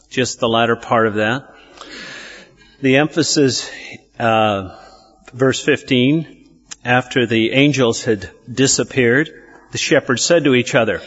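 A man's voice: medium pitch, unhurried, pauses often, fairly bright tone, muffled recording. A man preaching a sermon, asking his listeners questions and answering them himself. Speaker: pastor.

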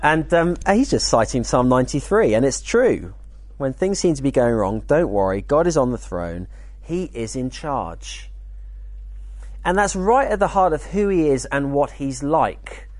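A man leads a teaching session at a church weekend, talking in an easygoing, animated manner and dropping in jokey asides. His voice sits at a middling pitch. It is recorded close and dry, with no room echo. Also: measured pace. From United Kingdom. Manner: conversational, lively, jokey asides. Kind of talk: teaching talk.

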